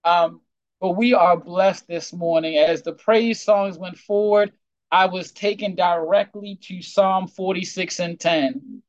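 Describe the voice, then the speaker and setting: Pastor starting the sermon, drawn-out and exhorting, dry close sound, kinda dull. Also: medium pitch, fairly even intonation, no room sound. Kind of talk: sermon opening a service. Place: church streamed on a video call.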